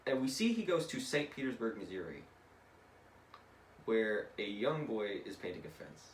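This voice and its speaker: A young man casually retelling a comic story to a friend in an animated way, slipping into voices and swearing now and then. He is recorded from a distance in an echoey room. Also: on the low side, moderate pace. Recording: echoey room, distant mic, faint noise.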